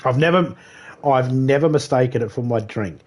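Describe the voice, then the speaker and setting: A man's voice: mid-range voice, normal speed. A man with an Australian accent live-streaming a video game, chatting casually with viewers and making crude jokes. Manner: crude, joking banter, chuckles between lines.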